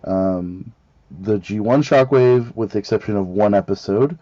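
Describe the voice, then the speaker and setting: A man's voice: lowish voice, measured pace, dark tone, dry recording. A man giving a casual review, talking as a rambling, enthusiastic fan who often restarts his sentences. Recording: dull lo-fi recording.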